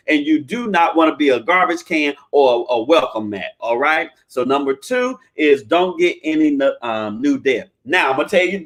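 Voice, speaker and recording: A man with a fairly high voice gives down-to-earth money advice in a folksy, preachy manner. He keeps asking "all right?" and now and then breaks into loud, chanting bursts. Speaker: credit repair advisor. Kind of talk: live-streamed advice talk.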